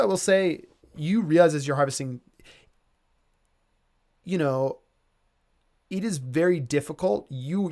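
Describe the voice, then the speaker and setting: A man's voice: medium pitch, a little mellow. A man acting as game master for a tabletop game, explaining rules in an easygoing way full of fillers.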